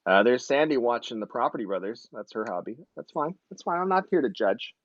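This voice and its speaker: A man's voice: medium pitch, big pitch swings, brisk, dry recording, muffled recording. A man in his forties hosting a casual live-stream chat, rambling and joking, often correcting himself mid-sentence. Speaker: host.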